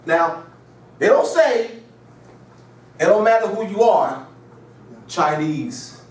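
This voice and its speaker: A man with a high-pitched, expressive voice gives a slow classroom lecture built on call and response. Emphatic and repetitive, he fires off rhetorical questions and chatty story asides, recorded in an echoey room with the mic far away.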